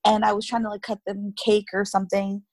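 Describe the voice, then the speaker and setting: A woman co-hosting a podcast in casual conversation, talking with a sing-song lilt that rises at the end of sentences, an animated storyteller. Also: mid-range voice, fast talker, dry recording. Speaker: podcast co-host.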